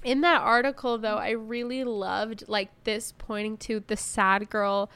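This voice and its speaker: A woman's voice: on the high side, fairly even intonation, a little slow, a bit bright, clear, resonant tone. A young woman co-hosting a podcast in casual chat, talkative and laughing often as she acts out her own inner voice. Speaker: podcast co-host.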